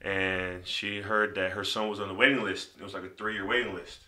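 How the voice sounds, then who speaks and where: A man guest telling his life story in casual conversation, animated, slipping into quoted voices. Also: low-pitched, brisk. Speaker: podcast guest.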